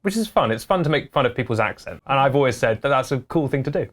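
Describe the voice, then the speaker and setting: A man's voice: medium pitch, quick pace, a bit bright, faint music behind. A young man hosting an online news show, reading stories and viewer replies with dry, sarcastic asides. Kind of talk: scripted online news commentary.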